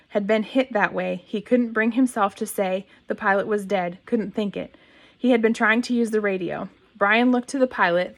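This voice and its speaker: A woman reading a novel aloud at a mid pitch. Her reading is plain and steady, with occasional restarts and a cleared throat now and then. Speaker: reader.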